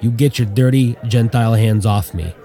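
A man's voice: lowish voice, moderate pace, warm tone, some chatter behind, close to an everyday voice. A man voicing a curt, guarded young male airman who answers tersely. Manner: terse, cold.

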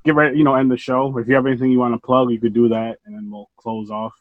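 Fast-talking easygoing male host. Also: mid-range voice, level tone, no echo, narrow, tinny audio. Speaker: podcast host. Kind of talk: casual interview chat.

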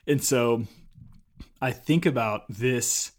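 A man with a mid-range voice talks through advice in relaxed conversation. He tells stories and gets animated when he acts out what people said. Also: mid-range voice, normal speed. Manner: storytelling, animated when acting out quotes. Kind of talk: casual chat.

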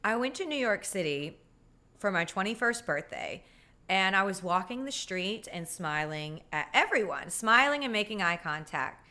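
A woman hosting a podcast tells funny stories in a sassy, self-deprecating monologue. Her voice is mid-range and sharp-toned, animated, and moderately paced.

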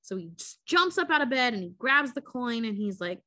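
A woman's voice: on the high side, a little fast, hardly any pauses. A young woman podcast co-host retelling a movie plot in casual, profane chat. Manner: profane, animated storytelling.

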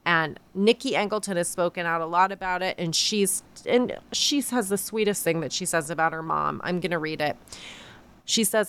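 A woman hosting a podcast, retelling a story casually with lots of fillers and animated asides. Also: lowish voice, normal speed, clear, resonant tone. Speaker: podcast host.

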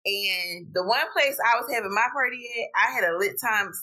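A woman hosting a podcast, telling a story in casual chat, animated and blunt, swearing freely. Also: moderate pace, poor audio. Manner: animated, profane, vents with rising pitch. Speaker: podcast host. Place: home podcast setup while streaming live.

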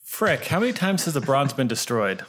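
A man chats on a podcast with a mid-pitched, ordinary voice. He muses aloud in a wry, offhand way. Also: very animated, moderate pace, a bit bright, a little hiss or hum. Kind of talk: casual chat.

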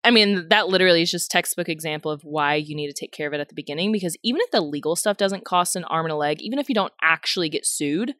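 A woman lawyer, a podcast guest, telling a client story in an animated, conversational way and acting out quotes. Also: fast, hardly any pauses, no room sound, clean studio sound. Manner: animated, acts out quotes with big pitch jumps. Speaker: business attorney, podcast guest.

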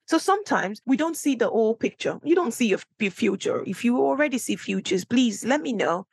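A young adult woman hosting a solo podcast, chatting and telling a personal story in a lively way. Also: mid-range voice, no room sound. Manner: chatty storytelling, animated when quoting herself. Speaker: podcast host. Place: small room, recording alone.

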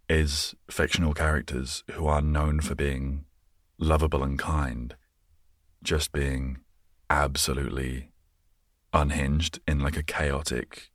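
A man rambling in an easygoing, soft-spoken way, chatting casually so listeners can unwind. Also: rumbling low, no room sound, clean studio sound. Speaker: host. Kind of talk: relaxed rambling chat to help listeners unwind.

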